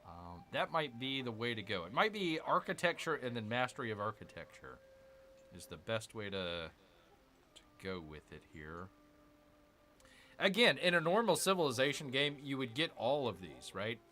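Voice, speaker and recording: A man's voice: mid-range voice, big pitch swings, normal speed, sharp tone, slight background noise. A man hosting a gaming channel, chatting casually through a strategy game, repeating himself and calling viewers "people". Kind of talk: casual let's-play commentary.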